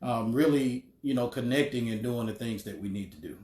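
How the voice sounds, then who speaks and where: Measured man with many pauses, roomy echo. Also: medium pitch, a little mellow. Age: middle-aged. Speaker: homeless shelter director, guest. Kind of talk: casual interview talk.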